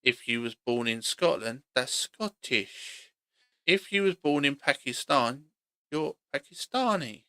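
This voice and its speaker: Male vlogger, blunt and argumentative, repeats himself. Bright tone with a tense edge, dry close recording. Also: medium pitch, lively intonation, slow, clear, resonant tone, no echo. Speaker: opinion vlogger. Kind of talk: opinionated monologue.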